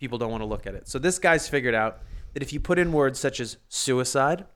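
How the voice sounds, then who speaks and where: A man's voice: medium pitch, expressive, brisk, a bit bright. A man co-hosting a casual podcast chat, explaining topics at length, laughing easily and swearing casually. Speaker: podcast co-host.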